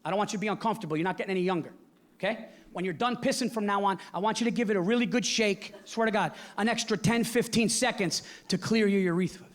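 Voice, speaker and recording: A man playing a calm, matter-of-fact doctor who gives frank advice in a measured tone. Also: sits high, lightly acted. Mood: advising. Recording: live show with loud crowd laughter.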